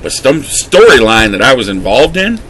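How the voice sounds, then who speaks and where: Heated and emotional, a man vents to camera in a vlog, cursing a lot while his voice rises and drops. He speaks at medium pitch and normal speed with a fairly bright, very animated tone, over slight background noise on a rough recording.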